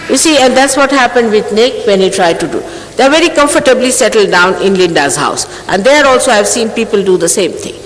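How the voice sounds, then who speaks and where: A woman in her sixties lectures her followers in a stern, admonishing tone, firing off rhetorical questions. Her pitch swings widely as she scolds. The sound echoes around a large hall over a faint hiss. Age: 60s. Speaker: spiritual teacher.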